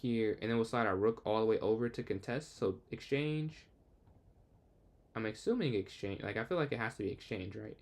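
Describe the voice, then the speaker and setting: A young man streaming chess, casually talking through his moves and answering chat as he plays. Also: fairly low pitch. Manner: thinks aloud, quick asides to chat; excitable outbursts when the game turns. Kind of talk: casual live game commentary.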